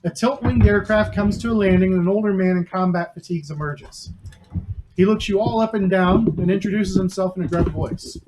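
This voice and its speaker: A man's voice: sits high, a little fast. A man running a tabletop game as game master, narrating the scene in a storytelling way with small restarts. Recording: noisy home stream audio.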